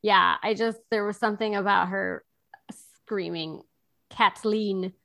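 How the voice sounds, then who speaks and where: A woman co-hosting a podcast in casual chat about a TV series, animated, laughing often and jumping between thoughts. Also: mid-range voice, slow pace, gravelly.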